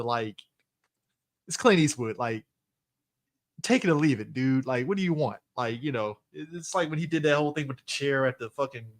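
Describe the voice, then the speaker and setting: A man co-hosting a casual movie podcast, rambling and expressive. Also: mid-range voice, normal speed. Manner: rambling, expressive, laughs easily. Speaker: podcast co-host.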